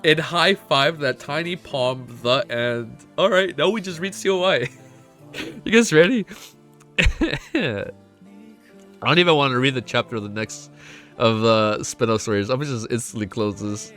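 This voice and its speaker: A young man with a stuffy nose reads a story aloud on a live stream and reacts to it between passages. His voice is bright and forward, he swears freely and gets excitable, and he sounds on the edge of tears. Faint music plays underneath. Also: medium pitch, normal speed, long pauses. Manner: excitable, swears a lot, laughs often. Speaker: streamer reacting to a web novel.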